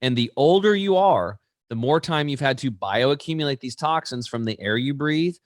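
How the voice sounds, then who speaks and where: A man in his forties, a guest in an interview, telling stories in an animated, emphatic way. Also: mid-range voice, moderate pace, dry recording, studio quality. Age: 40s.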